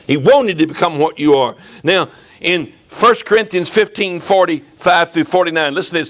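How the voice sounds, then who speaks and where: A man preaching a sermon in a prison, telling a story in a folksy, animated way. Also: on the high side, normal speed, dull audio. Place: prison chapel.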